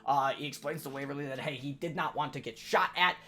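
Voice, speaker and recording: A man, the dungeon master, casually recapping a tabletop game session in a rambling, animated way. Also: mid-range voice, fast talker. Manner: rambling, many fillers and restarts, animated.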